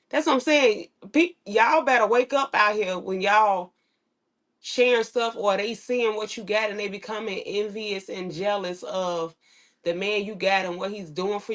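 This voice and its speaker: A woman co-hosting a podcast in casual chat, outspoken and animated, often acting out what other people might say. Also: medium pitch. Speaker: podcast co-host.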